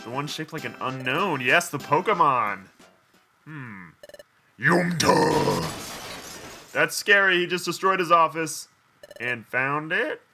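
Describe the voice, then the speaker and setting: A man's voice: on the high side, animated, moderate pace, sharp tone, soft background music. A man hosting a game playthrough, chatting casually and reading game dialogue aloud with joking asides. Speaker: let's play host.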